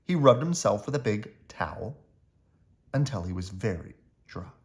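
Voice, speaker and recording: A man reading a children's picture book aloud as a bedtime story, with expressive storytelling. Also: on the low side, moderate pace. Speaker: storybook reader. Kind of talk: children's read-aloud narration.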